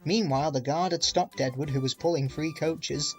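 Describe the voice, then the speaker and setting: A man reads a children's railway storybook aloud, clear and gentle, with soft music faintly underneath. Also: on the high side, normal speed. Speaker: reader. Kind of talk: storybook reading.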